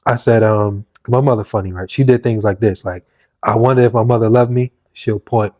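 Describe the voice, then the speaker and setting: A man hosting a casual talk, telling personal stories with animated acted-out quotes. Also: on the low side, fairly quick, dry recording. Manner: animated storytelling, acts out quotes. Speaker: podcast host. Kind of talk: casual conversation.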